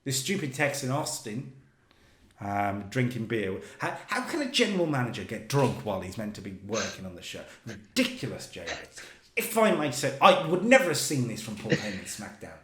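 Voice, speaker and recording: A man talking through a wrestling booking game, telling each segment like a story. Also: mid-range voice. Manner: animated storytelling, voices characters in quick asides. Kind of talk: casual commentary over gameplay. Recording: echoey room.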